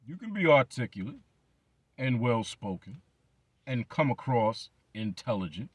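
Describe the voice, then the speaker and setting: A man's voice: mid-range voice, sing-song, measured pace, husky, no echo. A man hosting his channel, delivering a blunt, profane commentary rant full of emphatic repetition. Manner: blunt, emphatic, heavy swearing, repeated words. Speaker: channel host.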